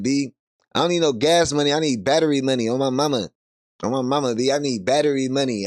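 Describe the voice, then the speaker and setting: Animated laughing man, lively pitch. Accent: Bay Area. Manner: laughs often, loose and animated, rising to high squeals. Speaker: podcast host reacting to a clip. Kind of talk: casual live-stream commentary.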